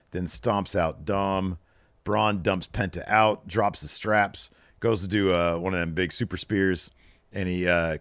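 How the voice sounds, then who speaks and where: A man co-hosting a casual wrestling recap show, retelling backstage scenes with lively storytelling. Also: low voice, dry recording, clean studio sound. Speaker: podcast co-host.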